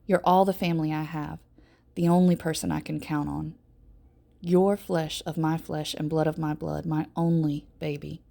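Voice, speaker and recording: A woman's voice: deep voice, flat delivery, moderate pace, vocal fry, dark tone. A woman reading aloud and voicing a distraught mother who pleads with her injured teenage son. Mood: tender. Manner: pleading, rising to near-wails.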